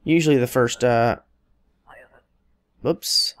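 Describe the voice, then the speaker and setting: A man's voice: medium pitch, animated, a little slow, no echo. A man casually commenting on his own gameplay, rambling and joking as he talks to the characters on screen. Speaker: let's play host.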